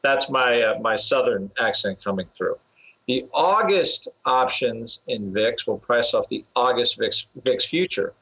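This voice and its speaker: A man of ordinary pitch who rambles through market talk on a podcast. He pads his points with fillers and chuckles. The audio is a little dull and muffled. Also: expressive, unhurried, vocal fry, slightly rough. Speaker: options trader and regular co-host.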